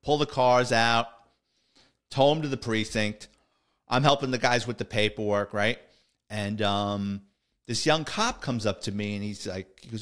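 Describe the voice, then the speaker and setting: A man's voice: on the low side, moderate pace, a bit bright. A middle-aged man, a retired police officer, telling stories in a casual, conversational way, full of "he goes" and "I says". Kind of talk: casual storytelling podcast.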